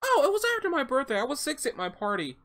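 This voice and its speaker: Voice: high-pitched, big pitch swings, fast, fairly bright tone, voice pushed up, exaggerated voice. A reader voicing a six-year-old boy, talking in an earnest, chatty, childish way.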